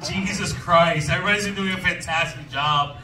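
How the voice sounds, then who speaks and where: A man's voice: sits high, a little fast. A man doing a loose, teasing, profane stand-up set on a club stage. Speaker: comedian. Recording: roomy distant club sound with music and crowd.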